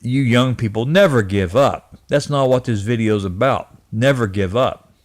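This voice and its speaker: A man in his fifties recalling a family memory in a personal vlog, speaking earnestly and haltingly, often repeating and restarting his words. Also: mid-range voice. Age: 50s. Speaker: channel host. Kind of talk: personal reminiscence to camera.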